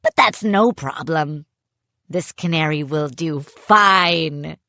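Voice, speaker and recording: Woman doing a pirate captain, growling, gravelly, scheming, slow pirate drawl, dry storybook audio. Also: low voice, pushed and bright, dry recording, full character voice. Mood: mocking. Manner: pirate dialect, drawling and mocking. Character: gruff scheming pirate captain, man, hook for a hand. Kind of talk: audiobook character voice.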